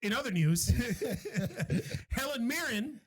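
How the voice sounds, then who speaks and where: A man's voice: very high-pitched, takes it slowly, husky. A man co-hosting a casual podcast chat, talking with lots of swearing and frequent laughter. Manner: animated, profane, laughing often. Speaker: podcast co-host.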